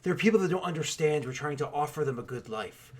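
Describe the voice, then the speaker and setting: A man voicing a ruthless, menacing male frontier soldier who speaks in slow, cold, contemptuous tones. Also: expressive. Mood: stern. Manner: slow shouted threats, cold low contempt.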